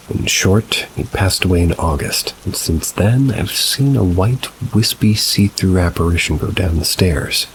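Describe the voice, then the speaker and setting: Deep-voiced man narrating ghost stories over rain. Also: slight background noise, rough recording. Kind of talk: scripted narration of reader-submitted stories. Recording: rain sounds mixed behind the voice. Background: steady rain ambience.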